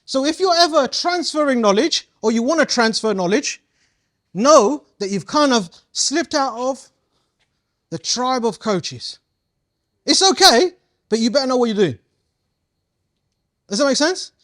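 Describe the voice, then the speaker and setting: A man's voice: extremely high pitch, lively intonation, a little slow, long pauses, fairly bright tone. A man leading a live coaching workshop, playful and slangy, quizzing his audience as he goes. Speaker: community coaching trainer.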